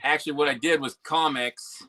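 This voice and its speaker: A man as a guest in a casual podcast chat, hesitant and halting with many fillers. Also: a little high, fairly even intonation, sharp tone.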